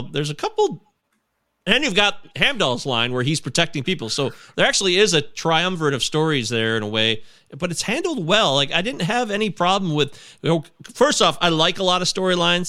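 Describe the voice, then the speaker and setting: A man leads a casual movie chat with a lively, swooping delivery and a bright, forward tone. His voice is fairly high for a man and sounds dry and close, with no room around it. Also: smooth, no echo. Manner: animated, opinionated, wraps up segments.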